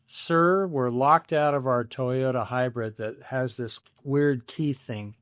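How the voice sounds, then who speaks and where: A man's voice: medium pitch, slow, a bit bright, no echo, studio quality. A man in his seventies voicing a fussy older grandmother who distrusts new gadgets, in a raised, pleading tone. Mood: flustered. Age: 70s.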